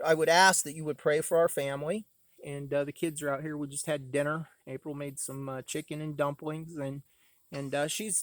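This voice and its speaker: A man's voice: fairly high pitch, no room sound. A man rambling in a casual vlog monologue, aggrieved and full of filler words, filmed outdoors on a phone. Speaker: vlogger. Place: outdoors by a camper at home.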